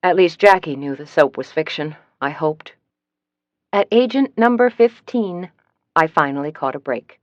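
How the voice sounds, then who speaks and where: A woman narrating a first-person mystery audiobook in a measured, even storytelling manner. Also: low-pitched, no echo, dull audio.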